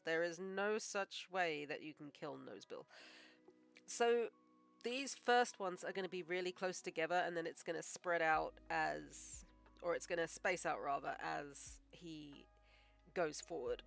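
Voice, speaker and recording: A woman animator chatting casually on a live stream while she draws, joking and thinking out loud. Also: low-pitched, measured pace, gravelly, faint music behind. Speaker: animator streaming her work.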